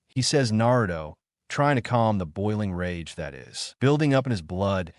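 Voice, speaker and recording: Low-voiced male story narrator. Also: sing-song, moderate pace, no room sound, studio quality.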